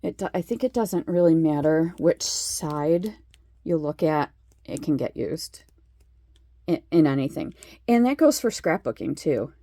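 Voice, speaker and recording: Slow-talking chatty woman crafter. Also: low-pitched, expressive, mellow, no room sound, studio quality. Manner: chatty, many fillers, admiring asides. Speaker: craft vlogger. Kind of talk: casual show-and-tell.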